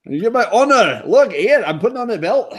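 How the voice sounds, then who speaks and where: A man's voice: high voice, big pitch swings, a little fast, pitched above the performer's own voice. Man putting on a Scottish accent, mock-earnest. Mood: insistent. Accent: Scottish, put on. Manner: mock-serious, exaggerated. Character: brooding young Scottish man, terse and earnest.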